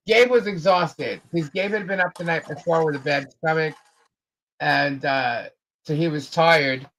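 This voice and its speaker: A woman's voice: low voice, measured pace, a bit bright, poor audio. Rambling woman telling a story casually. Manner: rambling, repeats herself, many fillers. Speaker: co-host of a live chat show.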